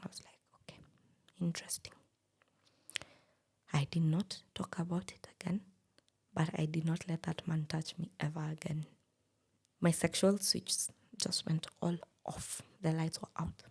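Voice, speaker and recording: Low, gravelly woman telling her story. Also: level tone, moderate pace, darkish tone. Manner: candid, plain-spoken. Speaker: podcast guest. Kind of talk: personal storytelling in a podcast interview.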